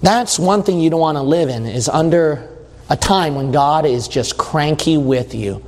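A man's voice: fairly high pitch, a little slow. A man preaching a sermon in a church, emphatic and conversational, who keeps repeating his points and drops in casual asides. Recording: long hall reverb.

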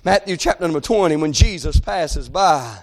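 A man preaching a fiery revival sermon, shouting and chanting in a drawn-out preacher cadence. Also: on the high side, animated.

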